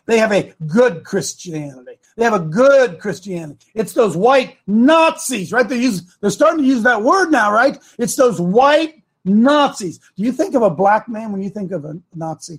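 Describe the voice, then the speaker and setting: Husky high-voiced male preaching host. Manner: emphatic, repeats lines, slows down for emphasis. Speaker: talk show host. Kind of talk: preaching political talk show. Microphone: studio microphone.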